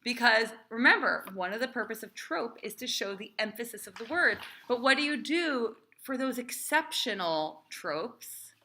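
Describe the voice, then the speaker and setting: A woman cantor teaching a class, speaking in a lively, emphatic way and chanting the names of the marks. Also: a little high, normal speed, few pauses. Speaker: cantor teaching Torah reading.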